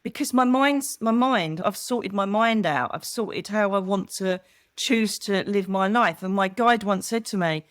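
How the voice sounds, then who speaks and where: A woman's voice: medium pitch, a little slow, smooth, no echo. A middle-aged woman chatting as an interview guest, telling stories animatedly and acting out quoted voices. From United Kingdom. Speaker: guest, psychic medium. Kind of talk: casual chat.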